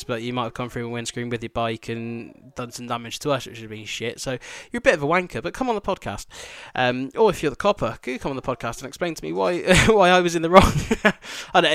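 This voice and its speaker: A man's voice: medium pitch, a bit bright, clean tone, no echo. A man hosting a podcast, telling a rambling, sweary travel story with laughing asides. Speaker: podcast host.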